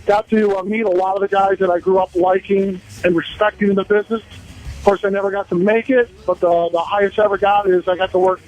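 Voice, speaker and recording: A man's voice: high voice, little pitch movement, fast talker, a little mellow, muffled recording. A man calling into a radio show, speaking hesitantly with many fillers. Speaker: caller. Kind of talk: phone call into radio show.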